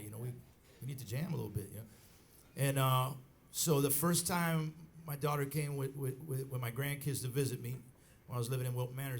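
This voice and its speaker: Gravelly middle-aged man telling a story live. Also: medium pitch. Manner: rambling, with many restarts and acted quotes. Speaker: bandleader telling a story on stage. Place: live music club. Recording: live club recording with faint crowd noise.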